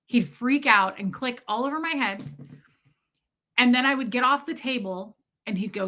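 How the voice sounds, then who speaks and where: A woman's voice: on the high side, normal speed, pushed and bright. A woman live-streaming, telling a frank, profane, joking story in casual chat.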